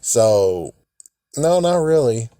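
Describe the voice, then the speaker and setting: Male host, casual rambling commentary, mellow voice, dry. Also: medium pitch, very animated, takes it slowly, no room sound. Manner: rambling, self-correcting. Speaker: video host.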